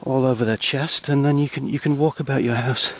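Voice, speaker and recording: A man speaking outdoors on a countryside path in a hesitant, halting, dry deadpan ramble full of ums and restarts. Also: medium pitch, slight background noise, poor audio. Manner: dry, self-deprecating. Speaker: comedy vlogger.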